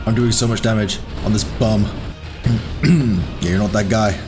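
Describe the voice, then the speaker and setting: A young man giving excitable, swearing commentary while playing a game, yelling at enemies. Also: on the low side, unhurried, over music. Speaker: gaming YouTuber. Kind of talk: live gameplay commentary.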